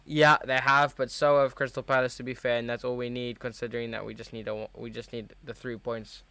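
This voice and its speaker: A young man hosts a live football watchalong, talking through the match and reacting excitably as a fan. His voice is smooth and clear at a middle pitch, recorded dry and close with no room around it. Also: fairly quick, no echo.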